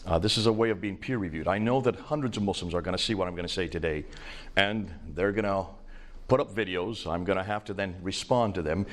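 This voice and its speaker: An older man with an American accent and a lowish voice gives a seminar lecture to a live audience. He talks in an emphatic, conversational way, telling stories with easy fillers. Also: fairly quick. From India. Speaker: speaker at a seminar.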